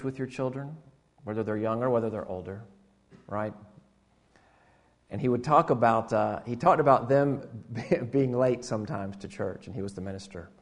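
A man preaching in a church in a plain mid-pitched voice. He stumbles and restarts often. His delivery swings from raised, lively passages down to soft, hushed asides. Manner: halting, repeats words and restarts, swings from loud animated to hushed. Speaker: pastor. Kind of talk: sermon.

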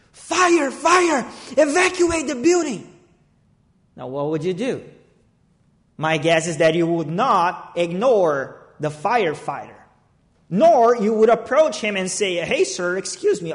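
A man preaching a sermon to a church gathering, reading scripture, praying and telling a story with emphatic, dramatic rises. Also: high voice. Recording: long reverb of a large hall.

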